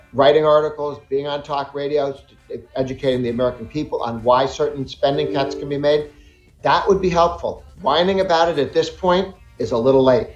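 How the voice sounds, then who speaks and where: A man's voice: a little high, a little mellow. A male political guest in a radio interview, speaking emphatically and critically. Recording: roomy, muffled remote line.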